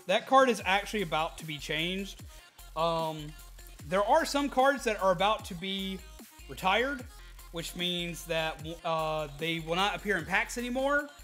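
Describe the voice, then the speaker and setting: A man's voice: sits high, lively intonation, unhurried, pushed and bright, soft background music. A man casually chatting on a live stream, answering viewers and laughing easily.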